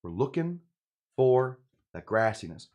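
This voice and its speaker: Man with a lively, jumpy voice. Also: mid-range voice, a little slow. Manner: joking, rambling, self-interrupting. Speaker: host of a cocktail channel. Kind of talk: casual cocktail-making demonstration.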